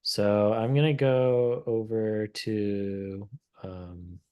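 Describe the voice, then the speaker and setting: Man, host, low voice, relaxed software demo, thinking aloud. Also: very slow, smooth, dull audio. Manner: relaxed, thinking aloud while clicking through. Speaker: host of a product livestream.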